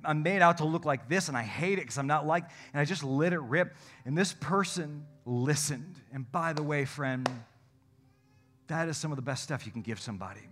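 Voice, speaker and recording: A man preaching a sermon and telling a personal story, swinging between loud and hushed delivery. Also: medium pitch. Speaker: pastor. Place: church service.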